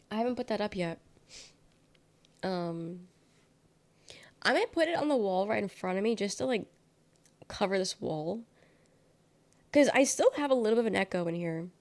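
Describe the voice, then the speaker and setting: A sick young woman with a nasal, congested voice, rambling casually as a livestreamer from her bedroom. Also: mid-range voice. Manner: rambling, trailing off, self-correcting. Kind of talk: casual chat. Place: her bedroom with bare walls.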